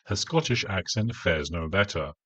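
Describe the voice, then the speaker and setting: A man's voice: sits low, lively intonation, moderate pace, pushed and bright, slightly rough, dry recording. A man reviewing an audiobook in a dry, sarcastic, scornful way. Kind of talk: spoken review.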